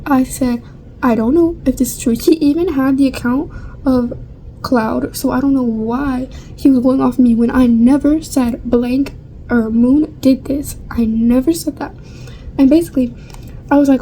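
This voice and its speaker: A woman's voice: high voice, steady tone, normal speed, warm tone, slight background noise, low-quality recording. A young woman vlogger chatting casually through a storytime while getting ready, rambling with lots of fillers and casual swearing.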